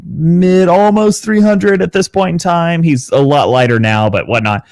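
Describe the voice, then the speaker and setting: A man, a guest on a podcast, telling a story casually, animated and swearing freely. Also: a little high, moderate pace, no room sound, clean studio sound. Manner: animated, swears freely, acts out quoted dialogue. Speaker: podcast guest, content creator.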